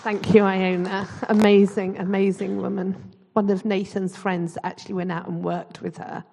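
A woman's voice: mid-range voice, little pitch movement, normal speed, creaky, dark tone. A woman leading a church service, briefly and enthusiastically introducing the next speaker. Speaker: service leader.

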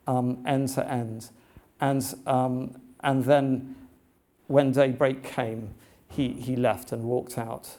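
A man preaching a sermon, telling a story in an earnest, halting way with many restarts. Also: mid-range voice, darkish tone.

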